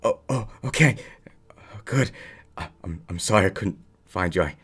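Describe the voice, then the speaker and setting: A man voicing a middle-aged dwarf father who stammers, loud and raised above his usual low voice. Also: expressive, normal speed, breathy edge, full character voice. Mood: relieved. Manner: stammering, frantic then tearful relief.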